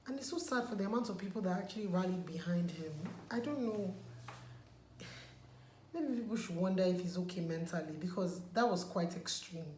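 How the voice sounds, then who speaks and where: A woman's voice: lowish voice, brisk, darkish tone. Woman ranting in her vlog, pleads and repeats stuff for emphasis, roomy echo, bit of hiss behind. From Nigeria. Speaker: vlogger. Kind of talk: casual chat while removing makeup. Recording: echoey room, faint background noise.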